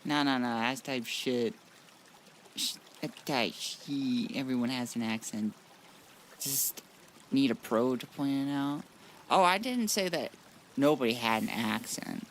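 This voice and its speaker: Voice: mid-range voice, unhurried, slight background noise. A streamer from the United States chatting loosely and swearing while playing a game, answering chat as they go. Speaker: gaming streamer. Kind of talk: casual live-stream chat.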